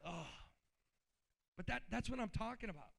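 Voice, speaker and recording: A man's voice: high-pitched, animated, moderate pace, creaky, a bit bright. A man giving an informal, blunt political speech at a convention, riled up and colloquial. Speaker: convention speaker. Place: convention hall.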